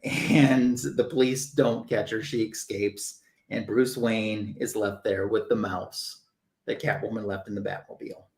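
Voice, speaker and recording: A man hosting a comic book show and retelling a story in a casual, animated way. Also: fairly low pitch, measured pace, creaky. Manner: animated, chatty. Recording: roomy echo.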